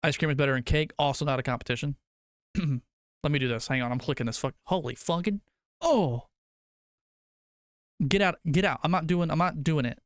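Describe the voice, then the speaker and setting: A young man streaming to his chat, rambling through food debates and cursing casually. His voice is smooth and clear, recorded dry and close on a desk mic. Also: on the high side, fast, a bit bright, no room sound. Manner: rambling, swears casually, argues food opinions.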